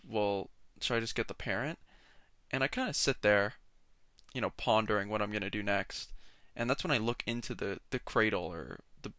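A man's voice: lowish voice, fairly bright tone, no room sound. A young man hosting a solo podcast, rambling and sarcastic, often interrupting himself. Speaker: podcast host. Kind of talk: casual solo podcast rant.

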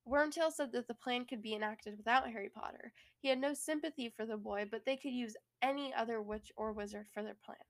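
A woman's voice: on the high side, brisk, hardly any pauses. Giggly young woman chatting about books. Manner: giggly, animated. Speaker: podcast co-host. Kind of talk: casual book discussion.

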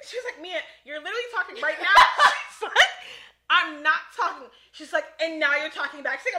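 A woman's voice: very high-pitched, lively intonation, brisk, bright, forceful tone. A young woman hosting a casual chat, giggling as she acts out the people in her stories. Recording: echoey room.

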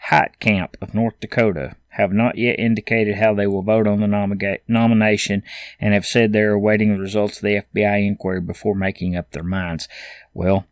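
A man hosting a podcast, reading news stories aloud and adding his own opinions in a casual, halting way with fillers and restarts. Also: on the low side, dry recording, clean studio sound. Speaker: podcast host.

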